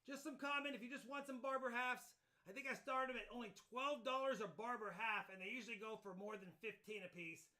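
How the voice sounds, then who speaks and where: A man's voice: extremely high pitch, brisk, pushed and bright. A man running a live online coin auction, describing lots and calling bids in an easygoing, plainspoken way.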